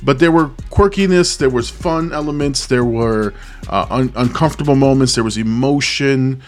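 A man's voice: mid-range voice, normal speed, faint music behind. Earnest man musing about a film. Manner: thinks aloud, searching for words and circling back; earnest and open about his feelings. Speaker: movie reaction channel host. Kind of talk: casual spoken movie review.

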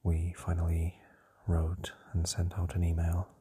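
A young man whispers his nightly podcast diary while lying down, keeping quiet for housemates asleep nearby. His voice is low, dark and very breathy, and he talks slowly and flatly, pausing often on fillers. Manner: soft whispering, hesitant with many fillers. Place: lying down in a shared home at night.

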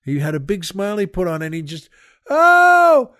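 An older man hosting a podcast, telling a rambling story with many halting restarts and asides to the listeners. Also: on the high side, darkish tone, no room sound, studio quality. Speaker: podcast host. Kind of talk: casual storytelling monologue.

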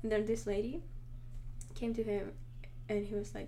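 A woman's voice: mid-range voice, flat delivery, moderate pace, mellow, a little hiss or hum. A woman co-hosting a casual chat, talking in a chatty, giggly, playful way. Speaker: podcast co-host.

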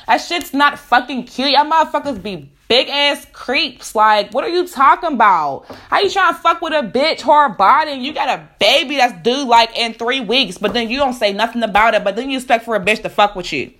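A woman's voice: a little high, expressive, brisk, few pauses, a bit bright. A woman, ranting bluntly to camera, profane and emphatic with repeated rhetorical questions.

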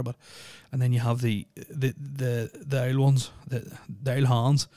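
Rambling podcast guy, flat delivery. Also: mid-range voice, moderate pace, hardly any pauses, dry recording. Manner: rambling, filler-heavy, joking. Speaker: podcast host. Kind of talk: casual solo podcast chat.

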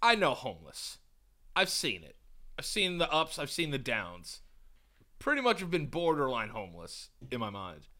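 Animated bright-voiced man from New York. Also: mid-range voice, normal speed. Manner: animated, swearing, acts out quotes loudly. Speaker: podcast co-host. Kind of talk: casual storytelling.

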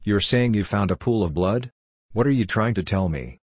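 A man's voice: on the low side, animated, normal speed, husky, no echo, clean studio sound. A man reading the lines of a confused, irritable man in a story, asking short, baffled questions. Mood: bewildered. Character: confused, irritable man losing his temper.

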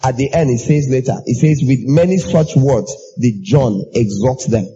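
A man preaching a sermon in an animated way, acting out everyday exchanges in raised voices. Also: normal speed, lo-fi sound, a little hiss or hum. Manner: animated, acts out dialogue in high voices.

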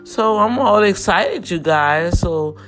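A woman's voice: medium pitch, lively intonation, takes it slowly, soft background music. A woman telling a personal story to her viewers in a chatty way, often turning to them and repeating words as she goes. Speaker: vlogger sharing a personal story.

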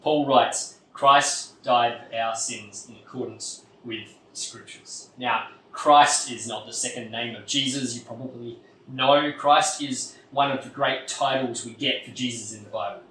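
A man's voice: medium pitch, steady tone, unhurried, a little hiss or hum. Earnest man preaching in an echoey hall. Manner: earnest, builds emphasis then drops to quiet. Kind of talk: sermon. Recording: echoey room, mic at a distance.

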